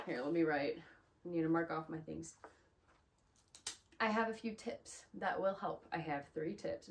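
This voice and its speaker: A woman's voice: fairly low pitch, slight background noise. A woman giving a casual, chatty video lesson as a Spanish teacher, upbeat and full of "like" and "um". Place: small closet room.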